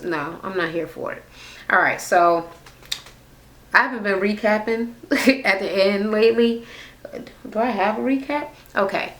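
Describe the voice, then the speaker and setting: A young adult woman vlogging a casual rant recap of a reality show, profane and animated, imitating the people she retells from a home room on a camera mic. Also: medium pitch.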